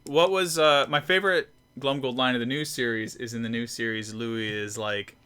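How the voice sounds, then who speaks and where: A man's voice: mid-range voice, steady tone, moderate pace, sharp tone, clear, resonant tone. A man hosting a live stream, chatting casually and rambling while he draws, often restarting himself. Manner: rambling, self-deprecating, many restarts. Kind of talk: casual chat while drawing.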